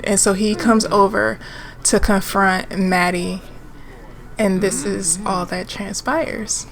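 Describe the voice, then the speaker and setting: Slow, chatty woman narrating a game story. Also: medium pitch, fairly even intonation, crowd noise. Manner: chatty, rambling, many fillers and restarts. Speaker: let's-play narrator.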